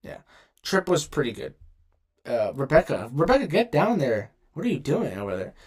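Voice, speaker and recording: A young gaming video creator ranks game characters in a casual tier-list commentary, rambling, using slang, and often cutting himself off. His husky voice is on the high side, with big pitch swings and a moderate pace.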